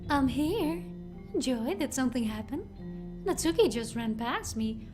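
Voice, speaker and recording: Brief: woman doing an upbeat, apologetic girl; light, slightly high tone. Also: expressive, unhurried, over music. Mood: breezy.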